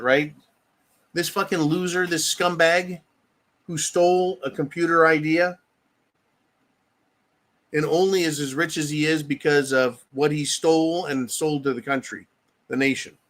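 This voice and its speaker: A man's voice: a little high, a bit bright. Angry man ranting profanely. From United States. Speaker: political commentary host reading viewer comments. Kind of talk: livestream political rant.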